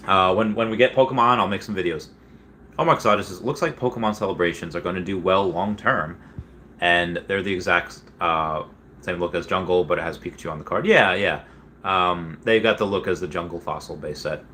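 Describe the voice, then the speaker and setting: A man's voice: low voice, brisk, pushed and bright, a little hiss or hum. A young man casually chatting on a livestream, rambling with many fillers as he reads chat messages and reacts. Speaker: streamer reading chat.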